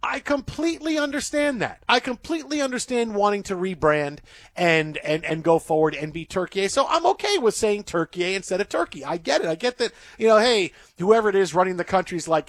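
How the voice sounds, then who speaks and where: A man's voice: sits high, sing-song, a little fast, no echo. A man hosting a sports radio show from a studio, bantering and laughing, acting out quoted voices. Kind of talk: late-night radio banter.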